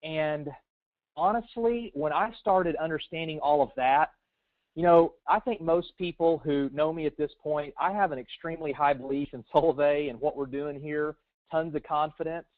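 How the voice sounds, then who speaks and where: A man giving an earnest, reflective testimonial as a webinar guest, pausing often on fillers. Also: on the high side, no room sound. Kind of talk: personal testimonial. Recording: dry tinny phone line.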